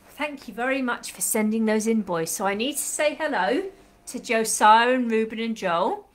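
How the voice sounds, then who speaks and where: High-voiced woman leading a children's class. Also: fairly bright tone. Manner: chatty, encouraging, sing-song greetings to children. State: slightly sore, croaky throat. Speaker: children's club leader. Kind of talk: children's live stream lesson. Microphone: live stream webcam.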